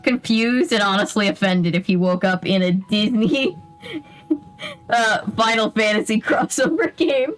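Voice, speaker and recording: A woman's voice: fairly high pitch, a little slow, faint music behind. A woman chatting casually while playing a video game, laughing often. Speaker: podcast co-host. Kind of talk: casual chat while gaming.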